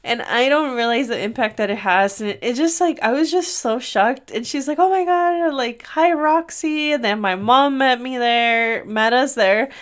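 A woman's voice: fairly high pitch, normal speed, few pauses, fairly bright tone. A young adult woman hosting a casual solo podcast from her room, telling stories in a chatty way and often laughing. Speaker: podcast host.

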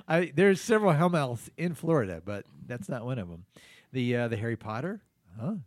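A man's voice: medium pitch, big pitch swings, normal speed, no room sound, clean studio sound. A man hosting an improvised comedy podcast, teasing his guest with playful questions. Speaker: podcast host.

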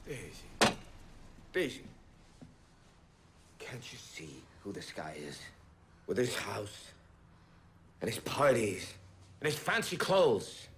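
An actor playing a haughty, wealthy man who sneers at others and flares into shouting, in a film scene. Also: fairly low pitch, sing-song, takes it slowly, long pauses, noisy background. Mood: scornful. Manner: scornful, bursts into shouting. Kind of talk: film drama acting.

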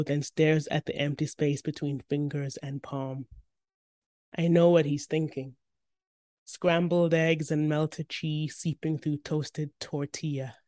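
A woman narrating a first-person story in an expressive, tense reading. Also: deep voice, no room sound, studio quality.

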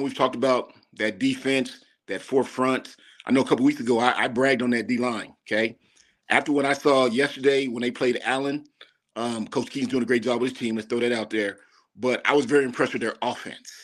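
A man giving confident, emphatic football analysis as a podcast guest. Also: mid-range voice.

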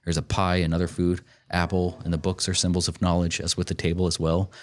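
Deep-voiced man musing through a film review. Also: completely flat delivery, fairly quick. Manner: thoughtful, explanatory, rambling asides. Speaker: podcast host reviewing a film. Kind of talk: casual podcast discussion.

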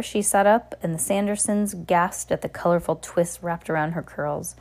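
A woman narrating an audiobook in a steady reading voice with small restarts. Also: lowish voice, moderate pace.

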